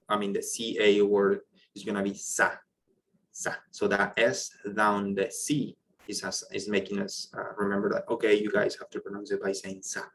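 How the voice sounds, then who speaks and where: A man's voice: lowish voice, fairly bright tone, a little hiss or hum, low-quality recording. A man teaching French in an online class, explaining pronunciation step by step and praising students' questions, speaking English with non-native phrasing over a computer mic.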